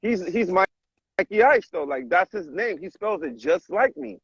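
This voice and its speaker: A man's voice: high voice, very animated, measured pace, creaky, fairly bright tone, husky, no room sound. A man hosting a casual conversation, laid-back and agreeable as he listens and chats. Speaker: host. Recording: dull, dry sound.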